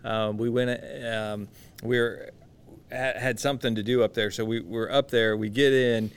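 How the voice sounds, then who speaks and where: A man, a guest pastor, chatting casually and telling animated stories, acting out the quotes as he goes. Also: medium pitch, normal speed, smooth. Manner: animated anecdote teller, acts out quotes. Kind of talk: casual storytelling chat. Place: conference venue.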